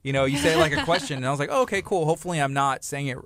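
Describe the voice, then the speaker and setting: A man's voice: mid-range voice, big pitch swings, very fast, fairly bright tone, dry recording. A middle-aged man, hosting a local talk show in a chatty, friendly way. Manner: friendly, chatty, laughing often. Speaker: host. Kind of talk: casual chat.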